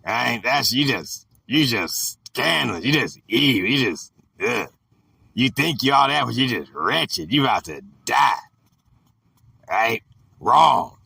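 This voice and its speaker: A man slowly teaching a Bible chapter in an informal, drawling way, repeating phrases and talking back to an imagined devil. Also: medium pitch, animated, vocal fry, bright, forceful tone, slightly rough, no room sound, distant mic. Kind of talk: informal Bible study monologue.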